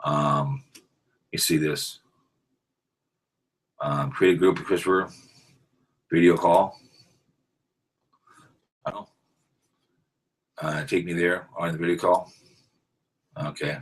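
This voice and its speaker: A man hosting a live-streamed sports podcast, rambling casually and breaking into loud, excited trash talk. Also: deep voice, takes it slowly, pauses often, slightly rough. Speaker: podcast host.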